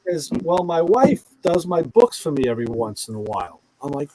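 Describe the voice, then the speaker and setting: A man's voice: fairly high pitch, fairly quick, hardly any pauses, low-quality recording. A middle-aged man telling a long anecdote in casual chat, acting out the voices of the people in it. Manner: animated storyteller who acts out quoted voices.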